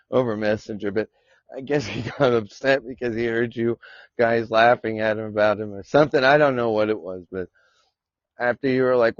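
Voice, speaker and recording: A male podcast host with a medium-pitched voice chats casually on a live stream, rambling, cursing, and laughing often. The recording is dry, with a dull lo-fi sound.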